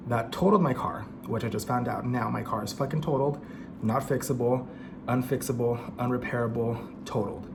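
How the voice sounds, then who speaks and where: Over some background noise, a young man with a medium-pitched voice eats at home and talks casually into a camera placed in front of him for a mukbang vlog. He swears, mocks himself, laughs often, and keeps up the chatter while now and then getting a little out of breath in his apartment.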